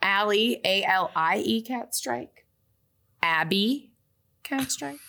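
A young woman co-hosting a casual chat show, reading out a list slowly and laughing often. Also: mid-range voice, expressive, gravelly, sharp tone. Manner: giggly, reads a list slowly with frequent laughs. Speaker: podcast co-host. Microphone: webcam with whiteboard behind.

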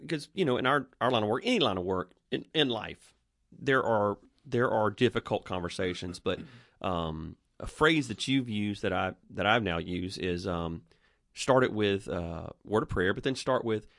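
Gravelly low-voiced co-host. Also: male voice, expressive, normal speed, hardly any pauses, a bit bright, dry recording, clean studio sound. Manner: affirming, frequent backchannel agreement. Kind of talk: casual podcast conversation.

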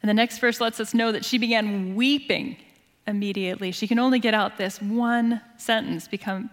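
A woman pastor with a mid-range voice delivers a sermon as earnest, expressive storytelling, her voice falling to a hush in tender moments. A long hall reverb fills the recording.

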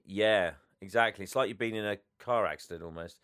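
A weary man chatting casually in a low, smooth voice. He sounds worn out but talkative. The recording is dry and close. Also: a little fast, fairly bright tone, no room sound. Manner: chatty, self-deprecating, laughs often. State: tired, yawning. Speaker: podcast co-host. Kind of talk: casual chat.

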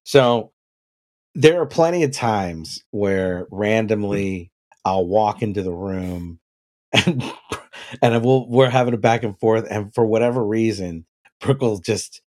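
Man telling a story with loud laughs. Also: fairly low pitch, slow. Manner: animated storytelling, laughs often, swears freely. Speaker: podcast co-host. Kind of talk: casual chat.

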